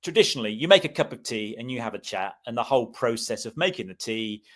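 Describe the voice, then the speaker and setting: British male co-host, mid-pitched, easygoing conversational delivery. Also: animated, fast, a bit bright. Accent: British English. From Britain. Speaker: podcast co-host. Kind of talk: casual podcast chat.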